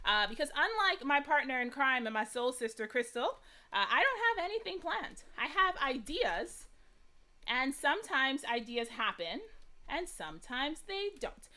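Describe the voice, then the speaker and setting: Chatty and self-deprecating, this crafting livestream host from the United States laughs often and greets viewers by name while she works. Her high, sing-song voice is pushed and bright, moving at a moderate pace.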